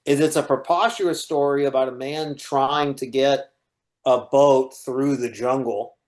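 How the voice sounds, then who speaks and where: A man co-hosting a casual film-discussion podcast, measured and reflective, steering the conversation with questions. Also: medium pitch, fairly even intonation. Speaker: podcast co-host.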